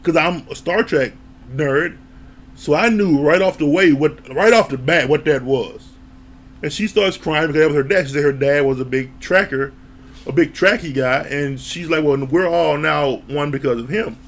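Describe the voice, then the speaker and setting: Rambling male reviewer with a slightly high voice and an easy, chatty manner. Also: normal speed. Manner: rambling and chatty, with frequent laughs. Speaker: TV show reviewer. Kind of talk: casual episode recap.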